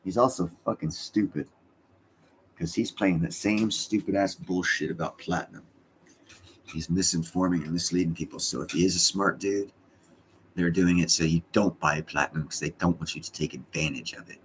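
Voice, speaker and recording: A man's voice: low-pitched, fairly even intonation, moderate pace, a little hiss or hum. A middle-aged man hosting his own live stream from home, chatting casually in a rambling, blunt and profane way.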